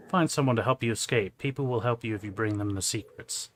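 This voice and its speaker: A man commentates his gameplay in a casual, chatty way, with a bright, forceful tone. A faint hiss sits under his desk microphone, and clicks can be heard. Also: lowish voice, quick pace. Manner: chatty, talks to viewers, laughs. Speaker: game streamer. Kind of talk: casual let's-play commentary.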